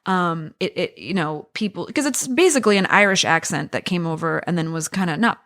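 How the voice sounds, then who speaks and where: A woman chatting as a podcast guest, talking in a lively, animated way. She tells stories with quick asides and acts out the people she quotes. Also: fairly low pitch. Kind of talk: casual chat.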